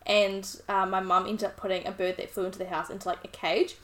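A woman's voice: mid-range voice, flat delivery, brisk. A young woman from New Zealand with a New Zealand accent, co-hosting a podcast and reacting with gasps and exclamations. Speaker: podcast co-host. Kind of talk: casual chat.

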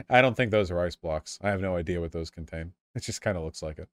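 A male streamer chats casually with his viewers, his voice jumping around with lively ups and downs. He swears freely and gets excited easily. The sound is close and dry. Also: deep voice, a little fast, no echo. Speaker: live streamer. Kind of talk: casual live-stream commentary.

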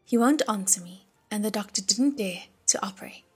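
Lady reading a soft-spoken young prince, super breathy husky voice, calm and earnest, faint music under it. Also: medium pitch, moderate pace. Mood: shaken. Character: gentle young male prince, steady under strain.

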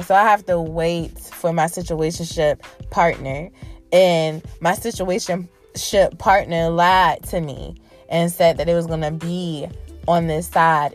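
A woman hosting her own podcast, talking to her listeners in a brash, profane, animated way. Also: mid-range voice, moderate pace, soft background music. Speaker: podcast host. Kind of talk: casual solo podcast chat.

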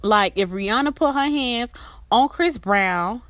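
A woman's voice: on the high side, expressive, measured pace, fairly bright tone, no room sound, clean studio sound. A woman ranting to her viewers with relationship advice, blunt and emphatic, swearing heavily as she tells her own stories. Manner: blunt, emphatic, heavy swearing, storytelling asides. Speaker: vlogger giving relationship advice. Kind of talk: casual profane rant to viewers.

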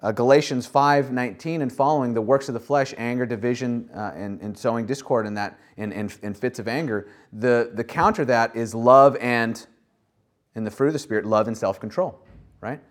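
Speaking at a medium pitch, a pastor delivers his sermon conversationally, reading scripture and explaining it. He pauses on fillers and restarts phrases as he goes.

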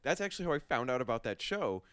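A man's voice: mid-range voice, sing-song, fast talker, fairly bright tone. A man from Minnesota hosting a loose, joking interview, swearing freely and restarting his sentences. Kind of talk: casual interview chat.

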